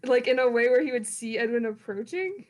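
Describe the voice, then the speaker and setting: Woman player, slightly high voice, casual tabletop game, hesitant openings. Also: animated, fairly quick. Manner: hesitant, starts lines with "uh" and "um".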